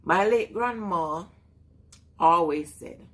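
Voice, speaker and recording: A woman's voice: on the low side, slow pace. A woman with a Jamaican accent chatting casually on a live stream, greeting viewers and laughing often.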